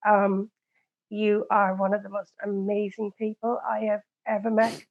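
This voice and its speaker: A woman guest close to tears, speaking haltingly with many ums. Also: medium pitch, level tone, narrow, tinny audio.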